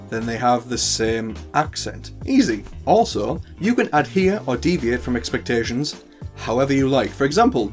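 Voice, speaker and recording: A man with a northern English accent hosting a tutorial, chatty with playful asides. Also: medium pitch. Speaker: host. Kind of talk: tutorial talk to camera.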